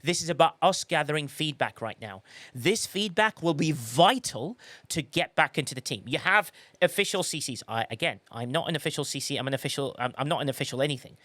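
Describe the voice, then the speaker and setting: A man hosting a podcast on a group call, chatting in a rambling, excitable way with many restarts. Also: fairly high pitch, brisk, dry recording. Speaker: podcast host. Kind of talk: casual chat on a group call. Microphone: remote call mic.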